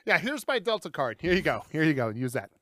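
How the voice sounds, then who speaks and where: A man co-hosting a podcast, excitable and teasing in improvised comedy role-play, on a close dry mic. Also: on the high side, fast. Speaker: podcast co-host.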